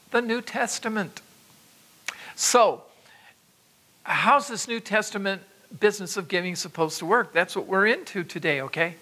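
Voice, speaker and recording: A man's voice: on the high side, pushed and bright. A man preaching a sermon, exhorting his listeners with emphatic repetitions and asides to them. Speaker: pastor.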